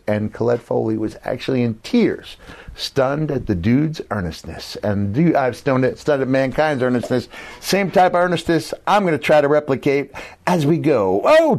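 A man's voice: medium pitch, creaky, a little mellow. Man putting on a groovy hippie dude. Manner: cool slang, calls listener "Daddy". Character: groovy hippie dude, laid-back, hip slang. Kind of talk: put-on character greeting video.

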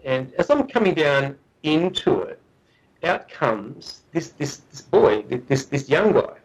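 A man's voice: a little high, very animated, measured pace, gravelly, breathy edge, rough recording. A middle-aged man, a guest researcher, telling a story in a podcast interview, earnest and often restarting and repeating his words. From Australia.

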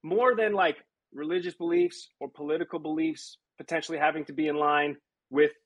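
A man's voice: on the high side, animated, fairly quick, gravelly, fairly bright tone. A man co-hosting a casual podcast chat, talking in emphatic, joking banter. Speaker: podcast co-host.

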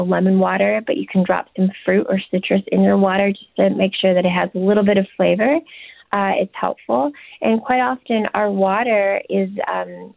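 A woman's voice: medium pitch, creaky, dry recording. A woman, a nutritionist and chef, giving casual, chatty advice in an interview, with many "you know"s and "um"s. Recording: tinny dry phone line.

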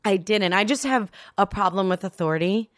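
A woman's voice: medium pitch, fairly quick, no echo, clean studio sound. A woman guest telling a story in a casual interview, acting out voices and swearing freely. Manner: animated, acts out quoted voices, swears freely.

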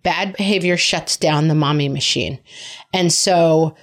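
Wry, chatty mom podcast host. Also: female voice, low-pitched. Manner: chatty, wry and reassuring, with quick asides. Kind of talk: casual advice podcast talk.

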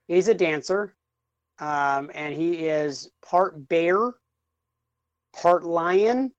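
A man's voice: on the high side, clean tone, no echo, lo-fi sound. A man in a casual podcast chat, spinning playful, rambling ideas with lots of fillers.

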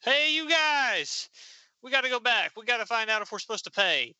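A man putting on a loud young superheroine, shrill and bossy, her voice shooting high. The sound is bright and dry, close on the mic. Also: expressive, very fast, dry recording, full character voice. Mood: excited.

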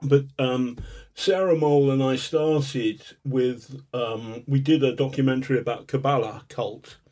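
A man being interviewed as a guest, telling stories in an animated, chatty way with chuckles. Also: medium pitch, a little slow. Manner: animated raconteur, chuckles as he talks. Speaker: guest, journalist. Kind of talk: casual storytelling interview.

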